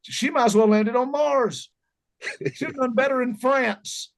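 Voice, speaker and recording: A man's voice: extremely high pitch, a little slow, creaky. A middle-aged man with a Southern accent, telling folksy, joking stories as an interview guest. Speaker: musician guest. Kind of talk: casual interview chat.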